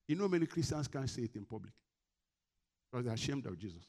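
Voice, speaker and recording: A male preacher at mid pitch delivers a sermon with call-and-response questions. He swings from loud, urgent lines to quiet, low asides. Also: big pitch swings, fast talker.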